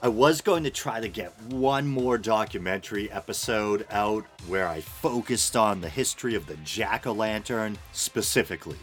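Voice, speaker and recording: A man's voice: lowish voice, moderate pace, few pauses, fairly bright tone, faint music behind. A man hosting his show alone, just up from a nap, rambling through an unscripted monologue with wry, self-mocking asides. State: groggy after a nap. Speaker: podcast host.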